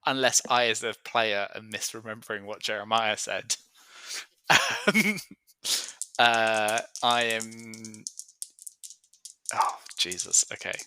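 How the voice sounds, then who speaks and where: A man playing a tabletop game, chatty and unsure, thinking out loud. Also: lowish voice, takes it slowly, long pauses, clear, resonant tone, dry recording. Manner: chatty, unsure, laughs easily. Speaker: player. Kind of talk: casual tabletop play.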